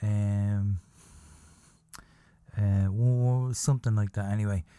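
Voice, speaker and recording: A man's voice: lowish voice, steady tone, slow pace, dark tone, smooth, dry recording, clean studio sound. A man hosting a podcast, telling a story in a rambling, profane, self-deprecating way. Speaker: podcast host. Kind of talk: casual storytelling. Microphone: podcast microphone.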